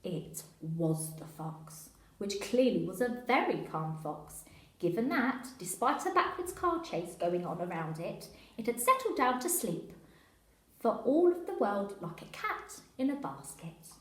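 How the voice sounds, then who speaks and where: A woman teacher reading a children's story aloud in an expressive, animated way. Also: mid-range voice, measured pace. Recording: echoey room.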